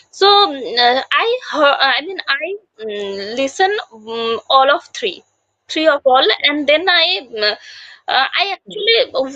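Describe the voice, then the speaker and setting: A woman's voice: high-pitched, fairly bright tone, no room sound, dull audio. A woman hosting a learning chat, speaking hesitantly with frequent hums and fillers. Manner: hesitant, hums and fillers while searching for words. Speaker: host of an English-learning channel. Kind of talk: casual conversation about learning English.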